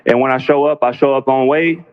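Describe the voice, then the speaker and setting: A boxer speaking calmly and pointedly at a press conference, making cutting remarks about his opponent. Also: medium pitch. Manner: calm, measured, cutting. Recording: dull lo-fi broadcast audio.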